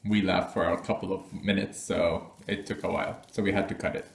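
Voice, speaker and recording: A man's voice: deep voice, fairly quick, vocal fry. A man vlogging casually, telling personal stories to camera, often laughing and acting out what people said. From Arab. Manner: animated, laughs often, acts out quotes. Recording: echoey room.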